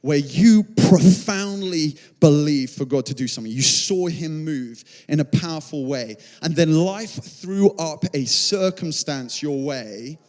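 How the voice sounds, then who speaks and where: A young man preaching a sermon to a church, telling a story with animated quoted voices. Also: a little high, a little slow, few pauses. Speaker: pastor. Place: large church hall. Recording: long church hall reverb.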